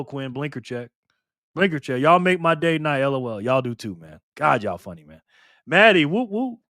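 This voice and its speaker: A man's voice: on the high side, a bit bright, no echo, studio quality. A man hosting a live stream, casually reading viewer comments and trading teasing, slangy banter with lots of laughter.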